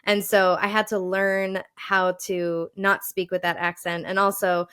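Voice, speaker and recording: A woman hosting a casual chat, with a faint Long Island accent, telling stories in an animated way and laughing easily. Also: medium pitch, unhurried, clean tone. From Long Island, New York. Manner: animated storyteller, laughs easily, acts out quotes. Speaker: podcast host.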